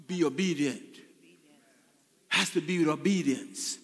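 A man's voice: high voice, very animated, normal speed, long pauses, pushed and bright. A male pastor preaching a sermon in a church, repeating phrases and asking the congregation for an "Amen". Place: church sanctuary. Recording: long reverb in a large hall.

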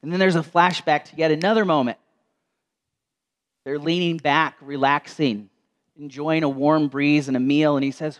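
A man preaching a sermon in a church, telling a story and dropping to slow, soft tones for quoted words. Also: a little high, fairly even intonation.

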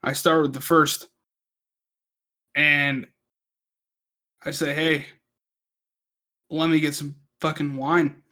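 A drunk man tells a long, rambling story full of swearing and laughs at his own jokes along the way. His voice sits a bit high and comes out bright and cutting. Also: little pitch movement, slow pace, pauses often. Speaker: podcast co-host.

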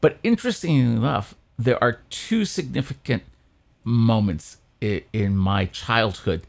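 A man, a priest co-hosting a church podcast, telling a childhood story in casual chat with lively quoted voices. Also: measured pace, creaky. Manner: animated storyteller, jumps high for quoted voices.

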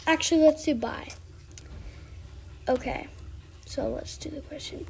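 A woman's voice: high-pitched, measured pace, vocal fry, long pauses. A teenage girl vlogging casually, hesitant and apologetic, with many fillers and restarts. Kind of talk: casual skit vlog.

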